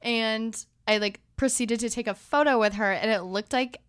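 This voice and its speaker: A woman's voice: a little high, normal speed, fairly bright tone, smooth, no echo, studio quality. A young woman in her twenties co-hosting a casual podcast, telling stories with lots of laughter and acting out what people said. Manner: bubbly storyteller, laughs often, acts out quotes. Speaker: podcast co-host. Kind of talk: casual chat.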